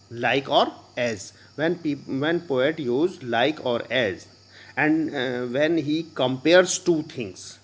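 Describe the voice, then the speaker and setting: Male English teacher, Indian English accent, slightly high voice, halting explanatory classroom delivery. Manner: explains slowly with many pauses and fillers. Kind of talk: classroom poetry lesson.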